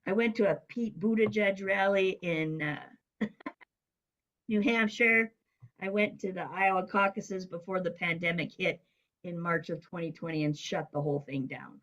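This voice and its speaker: A middle-aged woman, a guest on an interview show, telling a story in a lively way and acting out the voices of people she quotes. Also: lowish voice, normal speed, rough recording. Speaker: guest, business coach.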